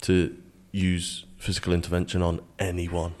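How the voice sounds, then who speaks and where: A man with a very low voice, reflecting earnestly on his work. He often stumbles and repeats his opening words as he thinks aloud, speaking in a studio interview. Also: monotone, normal speed, a little mellow. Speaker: guest, security manager.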